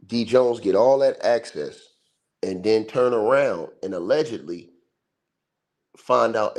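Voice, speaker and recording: A man's voice: fairly low pitch, takes it slowly, long pauses, darkish tone. Guy ranting about sports on a livestream, slangy and emphatic, keeps repeating himself. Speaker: livestream host. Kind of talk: casual sports commentary. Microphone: livestream mic.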